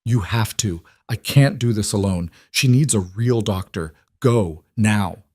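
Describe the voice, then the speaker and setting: A steady frontier healer woman, read by a man gives firm, commanding directions. Her voice stays controlled and direct. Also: on the low side, unhurried, dry recording, studio quality. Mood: urgent.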